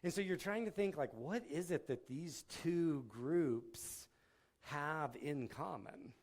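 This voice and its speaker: Man preaching in a relaxed, chatty way. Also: fairly high pitch, slow. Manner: conversational, with filler words and restarts, acting out quotes. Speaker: pastor. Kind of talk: sermon.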